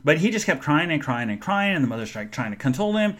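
A man hosting a live podcast, telling a story in an animated way, speaking straight to his listeners and answering chat comments. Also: a little high, fast. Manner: animated, addresses the audience directly. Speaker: podcast host.

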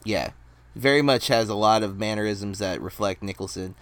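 A man's voice: lowish voice, moderate pace, a bit bright, no echo. A man co-hosting a casual podcast chat, talking with a lot of hesitant ums and restarts. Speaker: podcast co-host.

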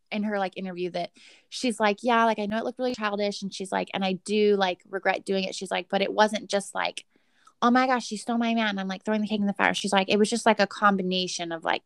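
A woman's voice: medium pitch, steady tone, a little fast, a bit bright, smooth, no echo. Give me a woman gossiping in a casual recap chat, recorded dry and close. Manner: chatty, gossipy, heavy use of "like".

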